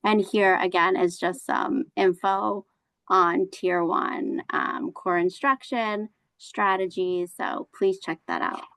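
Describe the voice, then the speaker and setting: A woman's voice: medium pitch, slow, creaky, fairly bright tone, no room sound, poor audio. A woman presents a teacher-training webinar over a video call, explaining points earnestly with frequent fillers. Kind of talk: online professional development presentation.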